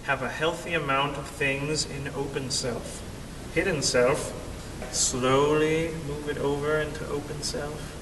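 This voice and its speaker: A young man telling a story in an animated way, acting out the voices of the people in it. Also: unhurried. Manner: animated, acts out quoted voices. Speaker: vlogger. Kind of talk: storytelling vlog. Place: cave. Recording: echoey cave, distant mic, faint rumble.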